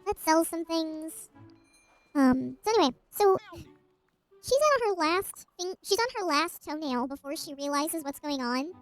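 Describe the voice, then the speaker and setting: A woman's voice: high-pitched, expressive, unhurried, soft background music, poor audio. A woman streamer casually retelling a myth while gaming, rambling with asides and restarts.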